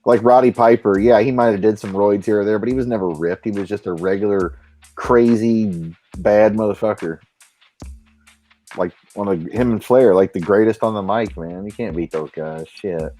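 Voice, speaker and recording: A man hosting a live stream, talking in a rambling, profane, animated way. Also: on the low side, normal speed, faint music behind. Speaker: stream host. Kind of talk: casual chat.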